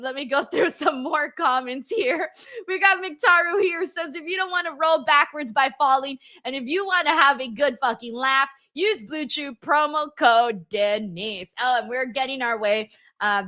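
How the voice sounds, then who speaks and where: A woman's voice: high-pitched, moderate pace, bright, forceful tone. A woman hosting a live stream, reading viewers' comments aloud in casual chat, laughing often and swearing freely.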